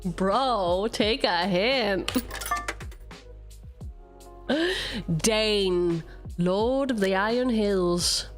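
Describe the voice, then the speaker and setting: A woman chats through a card pack opening. She swears freely and keeps up a sarcastic, animated running commentary. Faint music plays softly behind her. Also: medium pitch, drawn-out words, pauses often. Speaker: vtuber opening card packs. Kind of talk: casual streaming chat.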